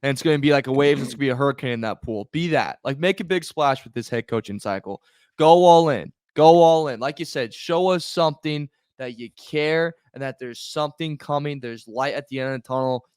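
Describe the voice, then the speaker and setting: A man co-hosting a sports podcast, energetic and loudly rallying. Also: medium pitch, clear, resonant tone, no room sound, studio quality. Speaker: podcast co-host. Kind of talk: casual podcast chat.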